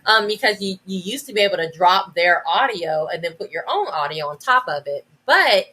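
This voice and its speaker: A woman's voice: medium pitch, lively intonation, normal speed, sharp tone, breathy edge. A woman who is a guest educator on a podcast, explaining things casually with fillers and self-corrections. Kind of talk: casual conversational interview.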